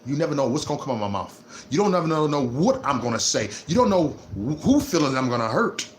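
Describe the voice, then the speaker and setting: A man ranting on his vlog, repeating himself and swinging between low muttering and loud laughing outbursts. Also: big pitch swings, fast talker, slight background noise. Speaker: vlogger. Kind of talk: unscripted livestream rant.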